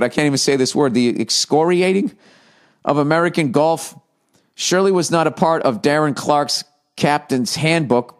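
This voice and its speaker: A man hosting a podcast, delivering a profane, mocking comedic rant and laughing as he reads aloud. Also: a little high. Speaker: podcast host.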